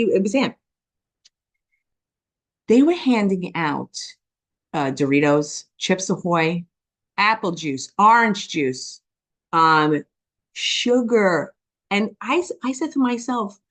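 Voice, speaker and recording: A woman giving a personal testimony, talking quickly and passionately, often checking in with "okay?" and acting out voices as she tells her story. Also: lowish voice. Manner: animated storytelling with quoted dialogue. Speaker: business testimony speaker.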